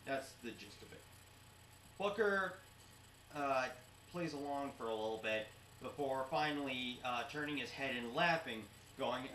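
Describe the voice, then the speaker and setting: A man co-hosting a casual recap show, retelling events step by step with many "uh" pauses and a mock-stern streak. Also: mid-range voice, sharp tone. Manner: mock-stern about professionalism. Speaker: co-host of a wrestling recap show. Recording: roomy amateur recording with distant mic and faint noise.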